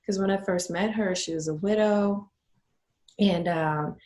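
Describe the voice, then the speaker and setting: Middle-aged woman, interview guest, warm storyteller, voices her clients. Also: mid-range voice, measured pace, roomy sound. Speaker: guest, photography business owner. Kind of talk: conversational interview.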